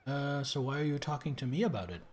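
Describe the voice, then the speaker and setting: A man's voice: mid-range voice, lively intonation, fast talker, a little mellow, lightly acted. A man reading the lines of a stern woman adventurer who gives dry, weary replies. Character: stern adult woman adventurer, the player's hero.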